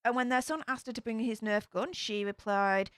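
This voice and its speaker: A woman's voice: a little high, moderate pace, a bit bright, clean tone, dry recording. A woman hosting a casual true crime commentary, chatty and speculative, with filler-heavy asides. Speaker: true crime channel host.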